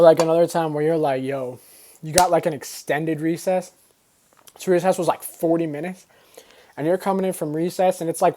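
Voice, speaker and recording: A man's voice: a little high, warm tone. A young man speaks casually to his audience, full of slang and loose energy. He tells old school stories and acts out the voices of the people in them. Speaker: vlogger. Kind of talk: casual storytelling.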